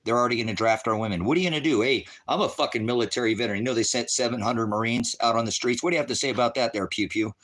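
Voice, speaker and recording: A middle-aged man, a veteran hosting a ministry livestream, ranting with heavy profanity and shouting down viewers in the chat. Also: mid-range voice, rapid-fire, few pauses. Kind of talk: angry livestream rant.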